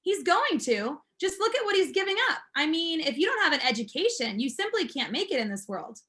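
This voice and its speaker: A woman's voice: high voice, big pitch swings, a little fast, pushed and bright, full character voice. A woman reading aloud as a frustrated teenage boy who is fed up with school, speaking earnestly and with emphasis.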